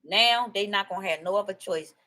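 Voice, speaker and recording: A woman in a casual, rambling monologue to her viewers, animated and emphatic, often repeating herself. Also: medium pitch, a little fast, rough recording. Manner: animated and excitable, laughing and emphatic; rambling storytelling with repetition. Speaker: video host.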